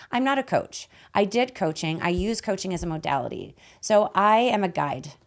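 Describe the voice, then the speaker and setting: A woman from Canada hosting a podcast, her voice hoarse and raspy, talking in a bubbly, emphatic way and laughing often. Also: fairly low pitch. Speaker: podcast host and life guide. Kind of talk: casual podcast chat. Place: podcast studio.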